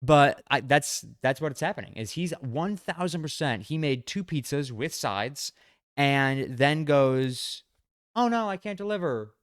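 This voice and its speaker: A man's voice: mid-range voice, unhurried, fairly bright tone, no room sound, studio quality. A man co-hosting a podcast, chatting casually and laying out emphatic, jokey theories. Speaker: podcast co-host. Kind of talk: casual chat.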